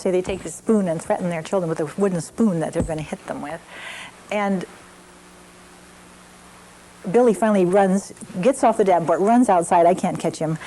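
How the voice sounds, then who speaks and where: An older woman teaching a parenting class, gently telling stories from her own family with frequent restarts. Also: lowish voice, brisk, rough recording.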